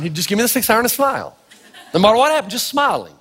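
A man from Tennessee preaching a sermon, telling stories with lively energy and acting out the voices of the people in them. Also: sits high, rapid-fire, noisy background. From Tennessee, United States. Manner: animated storytelling, acting out voices. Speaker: pastor. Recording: reverberant hall.

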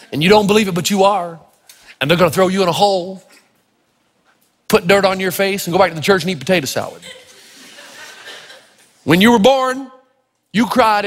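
A man preaching a sermon full of stories, animated and acting out the voices of the people in them, with a husky voice. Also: fairly high pitch. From Tennessee. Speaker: pastor. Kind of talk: storytelling sermon. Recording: long reverb of a large hall.

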